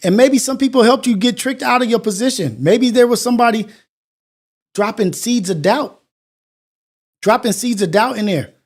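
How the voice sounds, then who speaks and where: High-pitched dude hosting a morning show, earnest and preachy, keeps repeating himself. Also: male voice, moderate pace, long pauses. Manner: earnest, preachy, repetitive phrasing. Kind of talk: motivational monologue.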